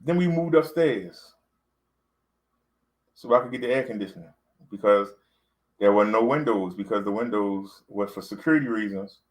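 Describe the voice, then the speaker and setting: A man's voice: fairly low pitch, expressive, moderate pace, pauses often, low-quality recording. A man, talking to camera in a loose, rambling vlog, full of fillers and repeats. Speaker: vlogger. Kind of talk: casual talk to camera.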